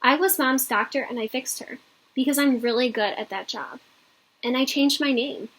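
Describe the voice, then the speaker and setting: Earnest, insistent little girl, read by a woman; husky, slightly high. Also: normal speed, a bit bright. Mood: proud. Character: young schoolgirl, earnest, eager to be grown up.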